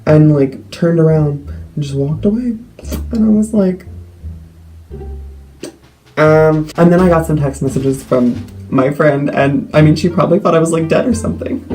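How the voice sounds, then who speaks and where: A teenage boy telling a story to the camera in a rambling way, full of "like" and quick asides. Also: mid-range voice, low-quality recording. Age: teens. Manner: rambling with many likes, animated retelling. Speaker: vlogger.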